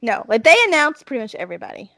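A woman's voice: fairly high pitch, big pitch swings, rapid-fire, creaky, a bit bright, no echo. A woman with a Southern accent chatting casually as a podcast co-host, emphatic and full of restarts. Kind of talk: casual chat about wrestling.

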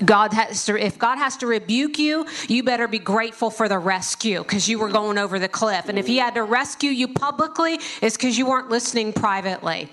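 A woman's voice: fairly high pitch, brisk, hardly any pauses, a bit bright. A woman speaking in a sermon as a church leader, giving firm, emphatic instructions.

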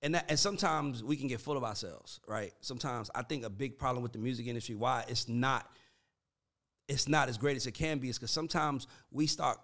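A man in casual conversation, animated and profane, breaking into laughs as he talks. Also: medium pitch, a little fast.

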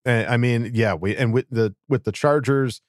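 A man co-hosting a casual sports podcast, talking quickly and laughing often. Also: mid-range voice, dry recording, studio quality. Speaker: podcast co-host.

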